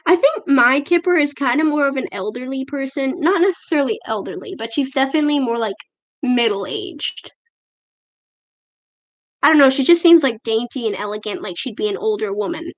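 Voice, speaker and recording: A woman's voice: high voice, very animated, normal speed. Chatty girl talking over a tablet mic. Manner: chatty and self-deprecating, with frequent fillers. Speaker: livestream host. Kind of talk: casual live chat, reading comments. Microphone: tablet camera microphone.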